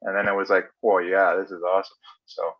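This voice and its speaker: A man from Canada hosting a casual livestream chat, easygoing and halting, with lots of fillers. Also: deep voice, flat delivery. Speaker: livestream host. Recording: muffled lo-fi audio.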